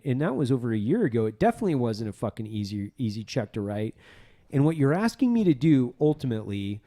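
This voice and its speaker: A man's voice: medium pitch, quick pace. A man co-hosting a casual podcast chat, swearing freely and acting out past phone calls as he tells stories. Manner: profane, animated storyteller acting out phone calls. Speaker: podcast co-host.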